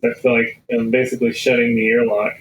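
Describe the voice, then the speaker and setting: A man's voice: mid-range voice, monotone, quick pace, fairly bright tone, a little hiss or hum, low-quality recording. A man playing a tabletop game, hesitantly asking questions while he plans his moves. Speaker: player.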